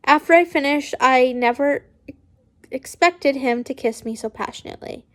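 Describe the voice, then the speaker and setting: A woman's voice: sits high, unhurried, fairly bright tone. A woman reading fan fiction aloud casually, stumbling and correcting herself often. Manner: stumbling, frequent restarts and self-corrections.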